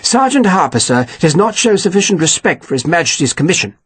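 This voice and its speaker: A man's voice: a little high, sing-song, brisk, breathy edge, pitched above the performer's own voice. A man voicing a stiff, pushy army captain who speaks in a clipped, officious, complaining way. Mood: aggrieved.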